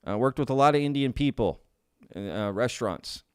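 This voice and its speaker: A man's voice: medium pitch, lively intonation, fairly quick, clean tone, dry recording, studio quality. A man hosting a casual live stream, reading viewers' chat aloud, upbeat and laughing often.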